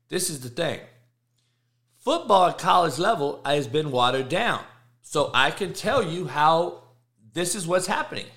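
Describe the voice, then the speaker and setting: A man's voice: on the high side, fairly bright tone. A middle-aged man, host of a sports show, ranting casually and emphatically, swearing and repeating himself for effect. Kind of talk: casual rant on college football.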